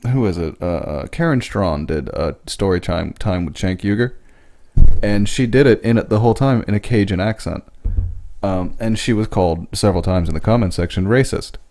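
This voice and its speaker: Blunt, low-voiced man talking casually. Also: normal speed, darkish tone. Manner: blunt, sarcastic, swears freely. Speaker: podcast co-host. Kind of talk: casual podcast banter.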